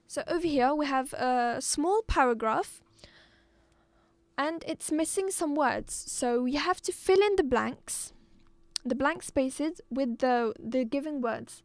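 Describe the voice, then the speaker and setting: A woman teaching a live online exam-prep lesson, patient, repeating words slowly and clearly. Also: high-pitched, no echo. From Algeria.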